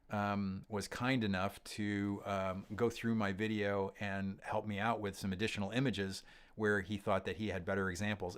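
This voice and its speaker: A deep, low-pitched man talks through viewer questions on his livestream. He rambles casually, stopping and restarting often with ums, and sounds middle-aged and unhurried. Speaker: host of a gear livestream. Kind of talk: casual livestream chat reading comments.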